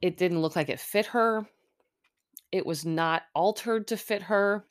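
Middle-aged woman podcast host, low-ish voice, casual sarcastic recap style, close mic. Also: unhurried. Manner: chatty, sarcastic, lots of fillers and asides. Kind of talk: casual chat. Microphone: close mic, chewing audible.

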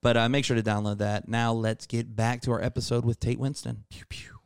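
A man co-hosting a comedy podcast, in casual joking banter and quick to laugh. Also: mid-range voice, level tone, creaky, smooth. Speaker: podcast co-host.

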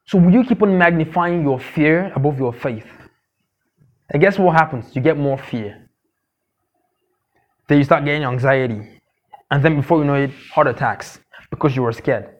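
A man preaching a sermon, emphatic and repetitive, asking his listeners questions and now and then mocking gossip in a squeaky voice. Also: lo-fi sound. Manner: emphatic, repeats key phrases, asks the congregation questions. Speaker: pastor.

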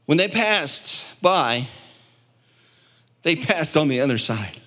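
A man preaching a sermon as pastor, building to impassioned peaks and dropping to quiet, low stretches. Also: sing-song, slow pace. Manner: impassioned preaching, swelling louder and higher at peaks.

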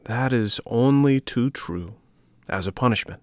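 A man's voice: medium pitch, measured pace, dry recording, clean studio sound, pitched above the performer's own voice, lightly acted. A man reading a storybook and voicing an earnest wooden puppet boy in a lifted voice.

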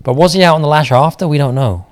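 A man's voice: on the high side, fast talker. A man co-hosting a podcast in casual chat, laid-back with dry quips. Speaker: podcast co-host.

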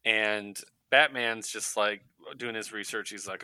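A man on a comics podcast tells a story with animated energy, jumping into little voices for the characters. His tone is very bright and cutting, and the recording is dry and close, with no room sound. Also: lowish voice, unhurried, hardly any pauses, smooth, no echo, rough recording. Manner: animated storyteller, acts out character lines with laughs. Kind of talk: casual podcast chat retelling a comic.

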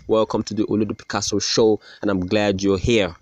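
A man's voice: fairly low pitch, flat delivery, brisk, darkish tone, muffled recording. A young man hosting a casual solo podcast, rambling about his day in a sarcastic, self-deprecating way with many restarts. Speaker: podcast host.

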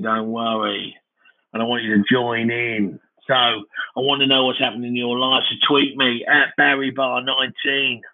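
A man hosting a comedy podcast, rambling through a self-mocking comic monologue in a deadpan way. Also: mid-range voice. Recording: band-limited, phone-like sound.

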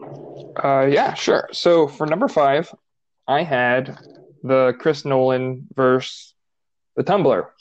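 A man's voice: medium pitch, takes it slowly, long pauses, highs cut off. A man co-hosting a casual podcast, rambling along with lots of "like.". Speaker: podcast co-host.

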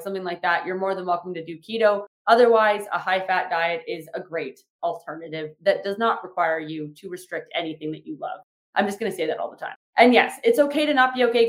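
A young woman hosting her podcast as a fitness trainer, talking casually and frankly, with lots of fillers and some swearing. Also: mid-range voice. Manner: chatty, frank, swears often, many fillers. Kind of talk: casual solo podcast talk. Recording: echoey room.

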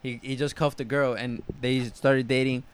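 A man's voice: mid-range voice, little pitch movement, moderate pace, smooth. A young man co-hosting a podcast on a headset, asking questions in laid-back slang during casual chat. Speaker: podcast co-host.

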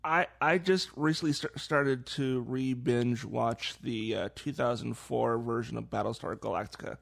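A man hosting a casual podcast chat, laid-back and quick to laugh. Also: medium pitch, fairly even intonation, creaky.

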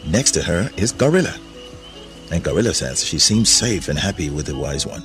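A man narrating a storybook reading in an animated way, voicing many characters. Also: sits low, moderate pace, faint music behind.

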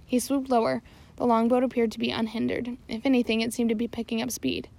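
A woman narrating an audiobook in a steady reading voice. Her pitch sits somewhat high with noticeable vocal fry, and she now and then stumbles and corrects herself. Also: quick pace. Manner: steady reading with occasional slips and self-corrections. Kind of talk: scripted narration.

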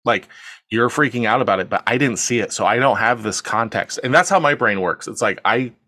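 Fairly quick and expressive in a mid-range voice, a man hosting a podcast recounts a film scene by scene, performing the characters' quotes and swearing casually. The sound is dry, clean studio audio, and his tone is pushed and bright.

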